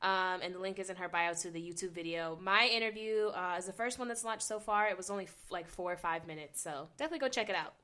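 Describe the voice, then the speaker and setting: Bright-voiced woman co-host from North Carolina. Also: fairly low pitch, fast talker, few pauses. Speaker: podcast co-host. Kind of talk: casual chat.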